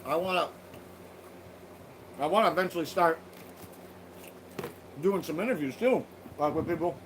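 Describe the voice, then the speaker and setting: High-voiced, swearing livestream man. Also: normal speed, slight background noise, low-quality recording. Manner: loose, profane, laughing banter. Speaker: livestream host. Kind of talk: casual livestream chat with viewers.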